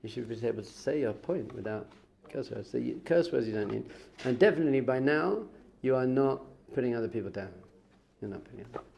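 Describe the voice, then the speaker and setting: A man teaching as a rabbi in a lively class for young students, telling stories with acted-out exclamations and frequent laughs. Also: medium pitch, fairly quick, gravelly, slight background noise. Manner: animated storytelling, acts out quotes with exclamations; chatty, laughs often.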